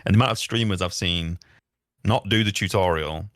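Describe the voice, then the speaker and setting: A game developer being interviewed, talking earnestly with many stammered restarts. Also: male voice, low-pitched, fairly quick, fairly bright tone, dry recording, studio quality. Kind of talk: casual interview chat.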